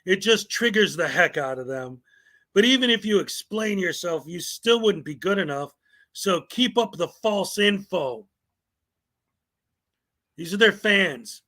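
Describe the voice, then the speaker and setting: A man's voice: high-pitched, expressive, normal speed, pushed and bright. A man hosting a commentary show, reading viewer comments aloud in a sarcastic, mocking way. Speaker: commentary channel host.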